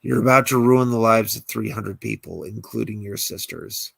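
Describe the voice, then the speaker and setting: A man voices a bold young male superhero in a script read-through, calm and pleading. His voice is low, gravelly and husky. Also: normal speed, dry recording, full character voice.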